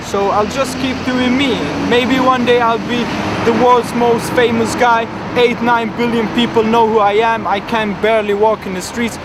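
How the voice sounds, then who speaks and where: With an extremely high, level-toned voice, a man plays the interviewee in a comedic street interview recorded amid traffic noise. Speaking at a moderate pace with few pauses, his grandiose young dreamer rambles and boasts, full of fillers.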